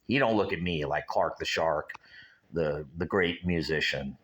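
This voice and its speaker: A man's voice: a bass voice, measured pace, fairly bright tone. A man in his sixties hosting his own show, musing aloud in a rambling, casual way and speaking straight to his viewers. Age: 60s. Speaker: show host. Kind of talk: casual solo vlog chat.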